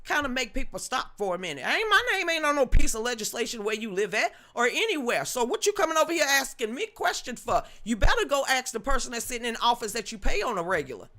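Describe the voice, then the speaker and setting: Sassy ranting woman streamer, bright tone. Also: a little high, big pitch swings, quick pace, hardly any pauses. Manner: blunt, sassy and ranting, with heavy slang and mild cursing. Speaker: host of a live-streamed news commentary show. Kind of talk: casual live-stream commentary, reading and answering chat comments.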